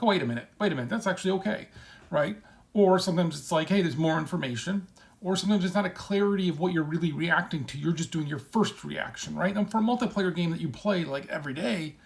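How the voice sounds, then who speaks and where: A man talks casually as a game developer answering a question. His voice sits a little high with a gravelly edge. He is animated, acts out the people he quotes, and keeps tagging his points with "right?". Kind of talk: casual solo talk.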